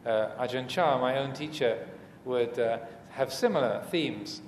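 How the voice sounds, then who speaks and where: A man teaching as a Buddhist monk in a dharma talk, speaking hesitantly with many fillers and restarts and gentle humor. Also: medium pitch, a little slow. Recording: echoey hall, faint room noise.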